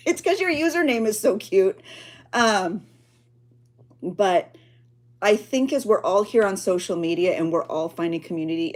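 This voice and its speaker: Chatty, emotional woman host, lowish voice. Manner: emotional, rambling, talks to chat. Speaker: journaling channel host. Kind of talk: chatty livestream talk.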